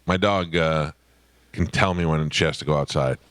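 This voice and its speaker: A middle-aged man hosting a radio show, telling stories in deadpan, joking banter. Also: a bass voice, moderate pace, clean tone, dry recording, clean studio sound. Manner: deadpan, joking, animated storytelling. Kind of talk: casual comedic banter. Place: radio studio.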